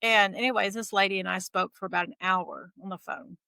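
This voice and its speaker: Middle-aged woman, interview guest, bright and clear tone, dry close sound, animated storyteller who voices the people she quotes. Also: mid-range voice, brisk, dry recording, rough recording. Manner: lively retelling that acts out quoted dialogue. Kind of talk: casual conversational storytelling.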